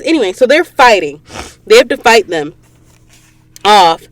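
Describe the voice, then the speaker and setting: A woman's voice: medium pitch, big pitch swings, measured pace, dry recording. Woman doing a casual book recap podcast, gets really emotional, talks right to her listeners. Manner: emotional, dramatic storytelling, talks straight to listeners. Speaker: podcast host. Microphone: studio mic in a recording booth.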